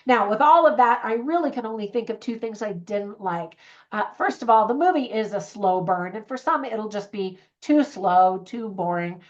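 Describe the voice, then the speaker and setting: A woman's voice: mid-range voice, animated, normal speed. Chatty woman reviewing movies, lo-fi sound. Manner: chatty, earnest, with fillers and restarts. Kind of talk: casual spoken movie review.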